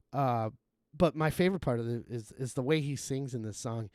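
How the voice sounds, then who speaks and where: A man hosting a live game stream, rambling and swearing freely as he chats, often breaking into chuckles. His voice sits at an ordinary middle pitch, and the sound is close and dry, with no room around it. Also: darkish tone, no echo. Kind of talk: casual gaming-stream chat.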